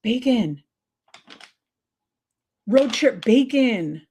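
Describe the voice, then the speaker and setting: Chatty, excitable woman streamer. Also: on the high side, drawn-out words, breathy edge. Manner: chatty and excitable, laughs often; reads and answers viewer comments. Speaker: livestream host. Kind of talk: casual livestream chat.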